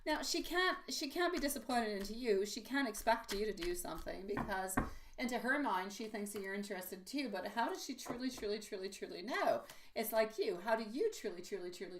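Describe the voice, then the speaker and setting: A woman's voice: medium pitch, lively intonation, brisk, fairly bright tone, slight background noise. A woman giving a live tarot reading to her viewers. She talks in a chatty, rambling way, full of fillers and restarts. She calls people sweetie and dear. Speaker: tarot reader.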